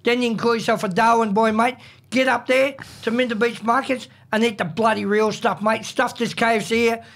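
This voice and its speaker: A man's voice: very high voice, flat delivery, a little fast, vocal fry, a bit bright. An Australian man co-hosting a radio talk show, brash and blokey, tacking "mate" onto nearly every sentence.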